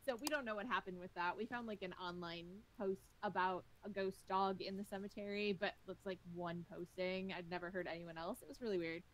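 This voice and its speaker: A woman's voice: mid-range voice, steady tone, fairly quick, hardly any pauses, slight background noise, low-quality recording. A young woman telling a ghost story in casual chat while playing a game with friends, rambling with many fillers.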